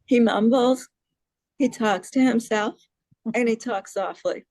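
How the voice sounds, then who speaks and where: A woman's voice: a little high, slow, a little mellow, no echo, rough recording. A woman from New York City leads a casual presentation. She talks in a chatty way and keeps asking her listeners questions. Her voice sounds dry and close. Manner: chatty, asks the audience questions, laughs at herself. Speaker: presenter on hearing loss advocacy.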